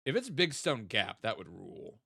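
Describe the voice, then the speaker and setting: A man's voice: on the low side, wildly swooping pitch, moderate pace, vocal fry, bright, forceful tone, husky, no echo, studio quality. A young man casually thinking aloud and joking while streaming a geography guessing game. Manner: chatty, thinks aloud, jokey asides. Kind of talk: casual gaming stream chat.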